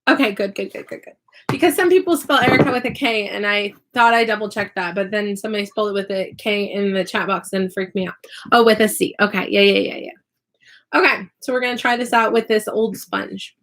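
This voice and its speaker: A woman's voice: mid-range voice, fairly quick, a bit bright. A woman, an online English teacher and YouTuber, chatting on a live stream while crafting, chatty, apologetic and self-deprecating.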